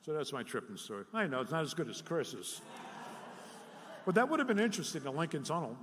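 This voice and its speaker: A middle-aged man from City, telling animated, self-deprecating stories as a speaker at a recovery workshop. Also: fairly high pitch, fast, slight background noise. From Jersey City, New Jersey. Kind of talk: live storytelling talk. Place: workshop hall before an audience. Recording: echoey hall with long reverb.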